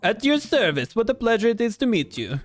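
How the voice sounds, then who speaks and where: A man's voice: high-pitched, very animated, a little fast, faint music behind, pitched above the performer's own voice. A man voicing a theatrical, courtly teenage girl.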